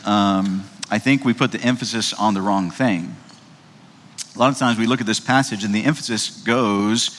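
A man's voice: lowish voice, fairly bright tone. A man giving a sermon as pastor, talking casually with many fillers and "right?" checks, and reading scripture aloud. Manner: conversational, frequent fillers and tag questions; reads scripture aloud in old-fashioned wording. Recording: long hall reverb.

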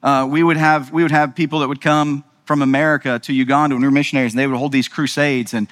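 A man's voice: mid-range voice, flat delivery, quick pace, a bit bright, in a large hall. A man preaching a sermon in a conversational way, asking rhetorical questions and checking in with his listeners. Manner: conversational, asks rhetorical questions with frequent "right?". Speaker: pastor.

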